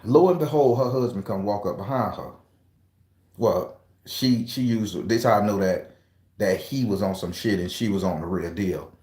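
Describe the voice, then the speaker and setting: A man's voice: fairly low pitch, normal speed, a little mellow, echoey room. A man casually telling a story to his viewers, profane and emphatic, speaking straight to his audience. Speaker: tarot reader and channel host.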